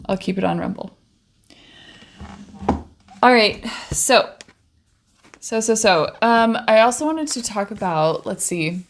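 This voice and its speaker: A woman's voice: medium pitch, animated, slow pace, long pauses, slight background noise. Young woman, chatty and bubbly, livestream painting chat, desk mic, home studio. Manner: chatty, bubbly, trails off and restarts. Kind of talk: casual chat while painting. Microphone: desk microphone.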